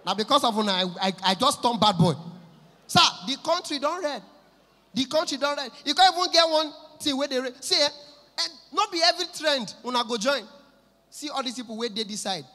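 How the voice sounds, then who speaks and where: A man with a Nigerian accent doing an animated stand-up comedy set in Pidgin English, switching into voices for his characters. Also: extremely high pitch, quick pace. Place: large live venue with audience. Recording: echoey hall from a live show.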